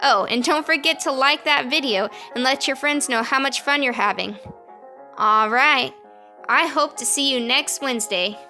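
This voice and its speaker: A woman's voice: high-pitched, moderate pace, sharp tone. A woman music teacher giving an online children's lesson, upbeat and encouraging as she chants spelled-out letters. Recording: roomy and noisy home recording.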